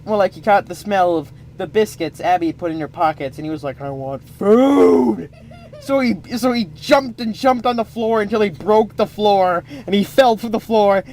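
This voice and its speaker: A man improvising a comic story, rambling with playful asides. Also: high-pitched.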